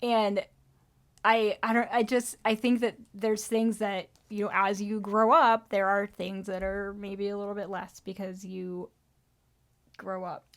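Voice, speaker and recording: A woman co-hosting a relaxed podcast, chatty and reflective, with easy laughter. She fills her speech with "um" and "like" while she thinks aloud. Her voice sits at an ordinary pitch for a woman. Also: measured pace. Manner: chatty and reflective, laughs easily, uses many fillers. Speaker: podcast co-host. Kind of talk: casual conversational podcast chat.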